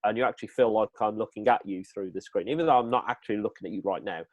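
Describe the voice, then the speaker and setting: A man's voice: lowish voice, racing, no room sound, dull audio. A man giving upbeat, direct presenting tips to the camera on a video call. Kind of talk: instructional chat on a video call. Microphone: webcam.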